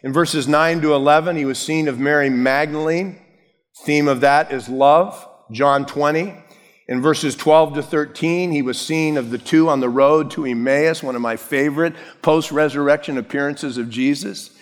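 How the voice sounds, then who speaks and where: A man's voice: fairly high pitch, moderate pace, in a large hall. A male pastor preaching a sermon, telling Bible stories casually and with humor, acting out the characters. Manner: storytelling, acting out biblical characters with lively voices.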